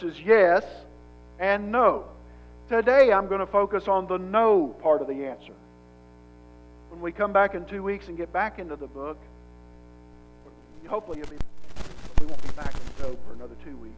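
Male pastor, high voice, chatty sermon delivery, stumbles and restarts for emphasis. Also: muffled recording. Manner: conversational, emphatic, repeats words as he restarts.

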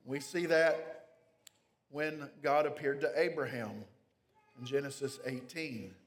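A man preaching a sermon, reading scripture aloud and explaining it verse by verse with measured pauses. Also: mid-range voice, fairly even intonation, big-room sound. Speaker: pastor.

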